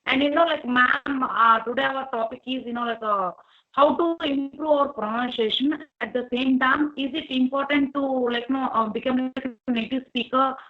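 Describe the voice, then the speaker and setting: A woman's voice: high voice, fairly even intonation, moderate pace, phone-quality sound. A woman hosting a chat, talking hesitantly with many fillers and restarts. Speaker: host. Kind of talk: casual interview chat.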